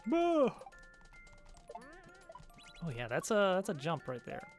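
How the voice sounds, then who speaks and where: A man's voice: fairly high pitch, lively intonation, a little fast, faint music behind. A man streaming a video game, chatting casually and chuckling between asides. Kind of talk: casual chat while playing a game.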